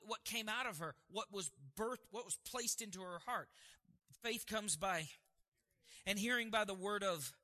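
A man with a high, very bright voice preaches to his congregation. He keeps asking questions and answering them himself. A long hall reverb trails each phrase. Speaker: pastor. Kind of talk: sermon.

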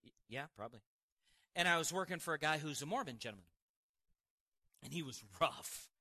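A man preaching a sermon and telling a personal testimony, animated, with quick asides and frequent laughs. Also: fairly high pitch. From Montana, United States.

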